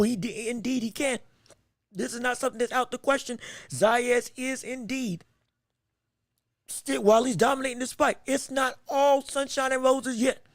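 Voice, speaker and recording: High-voiced man calling a fight live. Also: dry recording, studio quality. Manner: excitable, quick reactions, frequent self-corrections. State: hiccups. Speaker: podcast host and fight commentator. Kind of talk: live boxing commentary.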